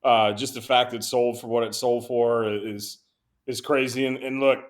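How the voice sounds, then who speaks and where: A man with a mid-pitched, steady voice hosts a sports chat in an easygoing, casual way. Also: normal speed. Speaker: podcast host.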